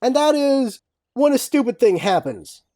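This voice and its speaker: A woman with a slightly high, sing-song voice and a dark tone keeps a measured pace in her solo gaming vlog. She's casual yet frank, mildly profane, and keeps repeating phrases to drive each point home.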